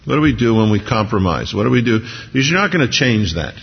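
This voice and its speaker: A man's voice: fairly low pitch, sing-song, fast talker, gravelly, hardly any pauses, breathy edge. A man preaching a sermon as pastor, talking conversationally with rhetorical questions and frequent restarts. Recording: dull lo-fi recording with long hall reverb.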